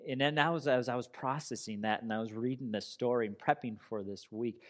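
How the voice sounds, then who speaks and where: A man's voice: mid-range voice, fairly even intonation, fairly quick. A man preaching a sermon in an earnest, conversational way, telling a personal story. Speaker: pastor.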